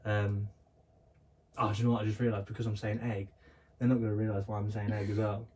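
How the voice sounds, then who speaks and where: Fast and flat, this low-voiced young man with a darkish tone tells meandering stories as a co-host on a laid-back podcast, peppering them with fillers and false starts. The mic is distant.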